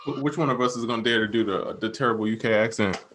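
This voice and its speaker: A man's voice: lowish voice, fast, a bit bright, slight background noise. An American man co-hosting a podcast, bantering playfully and laughing often. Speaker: podcast co-host. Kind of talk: casual chat.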